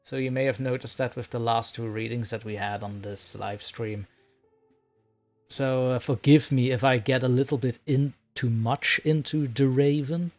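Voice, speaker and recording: A man's voice: mid-range voice, fairly even intonation, moderate pace, a little mellow, faint music behind. A man hosting a casual livestream, talking with a rambling, chatty manner and laughing often. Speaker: livestream host and story narrator.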